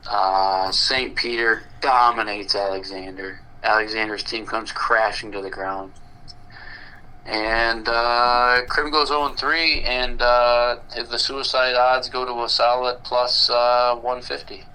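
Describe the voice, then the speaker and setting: A man's voice: mid-range voice, flat delivery, takes it slowly, bright, forceful tone, clean tone, poor audio. A man co-hosting a podcast in casual chat, with crude, joking banter. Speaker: podcast co-host.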